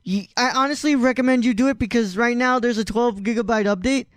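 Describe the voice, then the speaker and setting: A man's voice: extremely high pitch, brisk, clean tone, dry recording. A man hosting a casual podcast, laid-back and laughing often, swearing casually. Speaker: podcast host. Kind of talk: casual chat.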